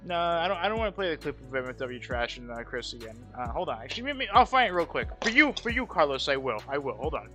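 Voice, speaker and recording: A man's voice: a little high, big pitch swings, fast talker, few pauses, sharp tone, faint music behind. A man hosting a casual livestream, talking bluntly with lots of swearing and repeated phrases. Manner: blunt, profane, repeats himself. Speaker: livestream host.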